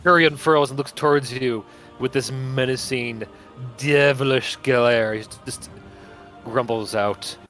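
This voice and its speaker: A man's voice: medium pitch, fairly even intonation, unhurried, a bit bright, soft background music. A man running a tabletop game as game master, narrating and laughing often.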